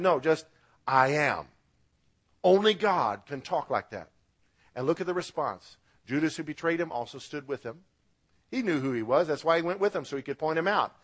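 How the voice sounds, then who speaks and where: A man's voice: fairly high pitch, lively intonation, moderate pace, fairly bright tone. A man preaching a radio sermon as pastor, with emphatic rises and drops, asking the congregation to repeat words after him.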